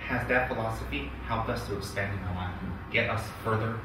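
A man giving a Buddhist dharma talk, animated, mimicking people and rising into loud indignation. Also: fairly low pitch, fairly quick. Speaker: Buddhist teacher. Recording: echoey hall, picked up from a distance, with background noise.

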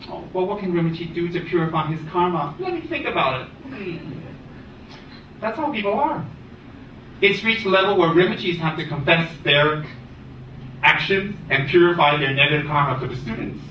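A man giving a dharma talk as a Buddhist teacher, animated and teasing, rattling off long lists. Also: a little high, moderate pace, a little hiss or hum. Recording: echoey room, distant dull mic.

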